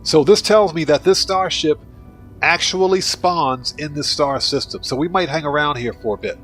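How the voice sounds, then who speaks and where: A man's voice: a little high, normal speed, fairly bright tone, soft background music. A man streaming a video game, chatting casually and talking to his viewers by name as he plays. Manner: chatty, talks to viewers by name while playing. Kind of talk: casual livestream gaming commentary.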